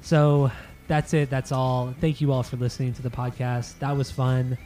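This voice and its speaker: A man's voice: mid-range voice, level tone, normal speed, dark tone, faint music behind. A man hosting a casual podcast, rambling and repeating himself as he wraps up an album review. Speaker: podcast host.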